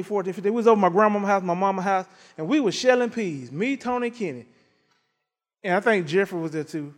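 A high-voiced middle-aged pastor, speaking in a large hall, spins folksy tales in an animated sermon punctuated by plenty of laughter.

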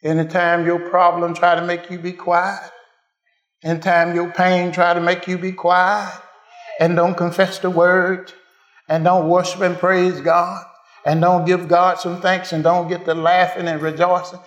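Slow, high-voiced preacher man in echoey church. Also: completely flat delivery. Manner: rises to shouted, sung-out cries, drops to murmurs; chuckles between phrases, calls to the congregation. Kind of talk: sermon.

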